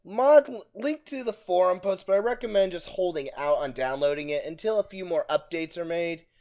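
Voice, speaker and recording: A man's voice: sits high, normal speed. A man casually commenting on his game as he plays, joking and bursting out in frustration. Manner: excitable, jokey, outbursts of frustration. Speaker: let's play host. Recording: muffled with faint background music.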